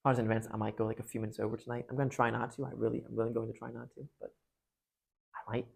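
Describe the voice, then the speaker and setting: A speaker at a parish gathering retelling a story to a group in a casual, animated way. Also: medium pitch, racing, vocal fry, breathy edge.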